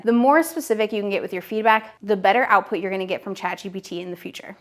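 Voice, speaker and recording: A woman's voice: medium pitch, fairly even intonation, fast, few pauses. A woman in her thirties teaching business owners directly to camera, upbeat and direct, talking straight to the viewer. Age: 30s. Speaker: online business educator.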